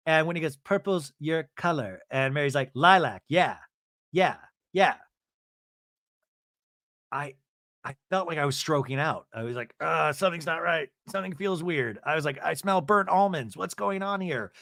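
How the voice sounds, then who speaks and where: Male host in his thirties, comic recapper, bouncy higher pitch, dry close mic. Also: no room sound. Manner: animated, mimics cast members in exaggerated voices. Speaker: podcast host recapping a reality show. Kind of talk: comedic recap with mock quotes.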